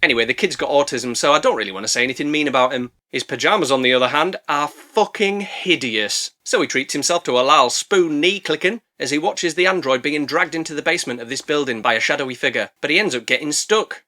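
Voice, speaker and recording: A man's voice: a little high, fast, hardly any pauses, bright, forceful tone. A man narrating a comedic movie review in a sarcastic, jokey way, full of asides.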